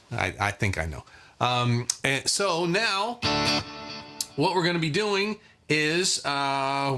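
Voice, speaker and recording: A man teaching a live online guitar lesson in a relaxed, chatty way, counting beats aloud as he strums. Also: mid-range voice. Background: acoustic guitar strumming.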